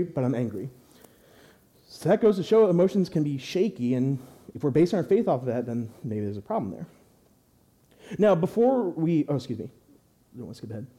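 A young man preaching in church, his voice mellow and a little high for a man. He speaks conversationally, repeating words and putting rhetorical questions to the congregation. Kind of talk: sermon.

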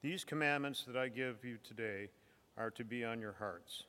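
A man reads scripture aloud at a measured, solemn pace, his voice at a middle pitch. A long church reverb trails each phrase. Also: sharp tone. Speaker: scripture reader. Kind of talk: formal scripture reading. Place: church sanctuary.

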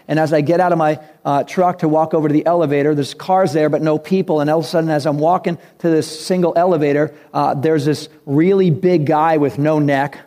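Mellow-voiced male pastor preaching. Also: fairly high pitch. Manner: conversational, acts out dialogue in his stories. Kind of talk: sermon with personal story.

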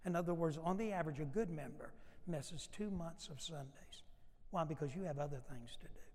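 Male pastor, fairly high voice, emphatic preaching with acted-out dialogue, reverberant hall sound. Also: a little fast, darkish tone. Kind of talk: sermon.

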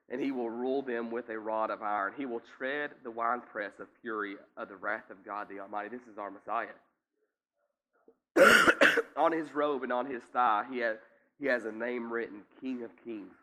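A man delivers a teaching sermon with scripture reading in a conversational style, often checking in with listeners and sometimes coughing or clearing his throat. His voice is medium-pitched, bright and forceful, at a normal speed.

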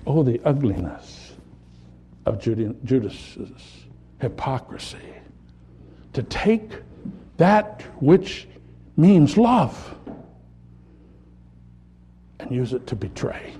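A man preaching a sermon, building to impassioned peaks and dropping to quiet, reflective lines. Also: mid-range voice, a little hiss or hum. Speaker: pastor.

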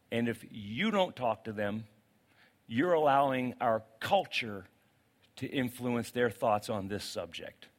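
Man, pastor, sermon, church sanctuary, middle pitch, animated preaching, loud then quiet pleading.

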